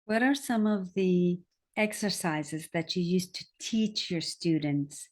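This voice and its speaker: A woman's voice: lowish voice, takes it slowly. A woman podcast host prompting her guest with curious questions. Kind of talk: interview questions.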